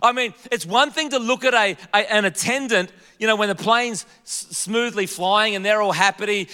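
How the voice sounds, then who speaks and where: A man's voice: very high voice, bright, forceful tone, smooth, big-room sound. A man preaching a sermon as a pastor and church leader, in a conversational, humorous way with frequent fillers.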